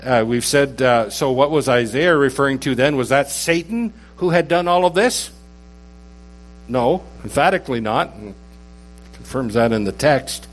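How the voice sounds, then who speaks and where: A man's voice: medium pitch, moderate pace, low-quality recording. A man preaching a conversational sermon, reading scripture aloud with rising emphasis. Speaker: pastor.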